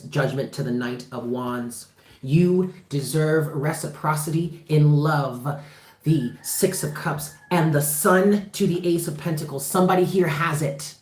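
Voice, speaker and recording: Impassioned tarot reader in an echoey room. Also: mid-range voice. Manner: emphatic, impassioned, swears freely; repeats phrases for emphasis. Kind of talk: livestreamed tarot reading. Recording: roomy echo.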